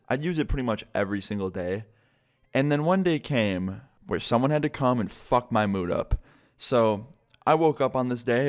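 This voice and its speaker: A young man telling a casual, profane storytime to his viewers and acting out the quotes. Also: fairly low pitch. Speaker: vlogger.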